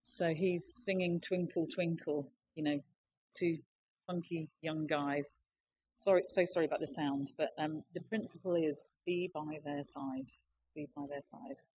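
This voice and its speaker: Low-voiced woman giving a talk. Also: unhurried, a little mellow, a little hiss or hum, poor audio. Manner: plain, persuasive, explaining with figures. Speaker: conference speaker. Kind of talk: conference presentation.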